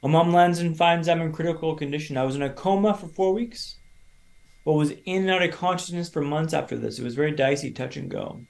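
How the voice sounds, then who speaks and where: A man in his thirties from Canada, a podcast guest telling his own story in a lively, casual way and acting out other people's lines. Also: a little high, brisk, creaky. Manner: animated storyteller, acts out quoted voices.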